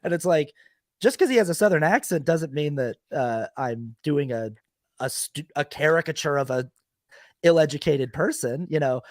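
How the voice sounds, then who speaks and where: A man's voice: on the high side, normal speed, no room sound. Podcast guest, man, emphatic casual talker who restarts his sentences, close and dry. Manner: animated, self-correcting, emphatic. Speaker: podcast guest, sketch video maker. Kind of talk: casual conversation.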